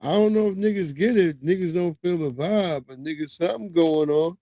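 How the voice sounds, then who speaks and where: With a fairly high-pitched voice at a moderate pace, a man in his thirties streams live and comments loosely on news clips, swearing and telling stories with lots of animation. No echo is present.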